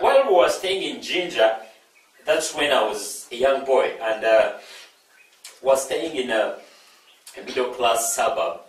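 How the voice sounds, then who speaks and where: A man from East Africa giving an inspirational storytelling talk, animated, repeating phrases and asking the audience questions. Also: lowish voice. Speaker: inspirational speaker. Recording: very echoey hall, speaker far from mic, faint noise.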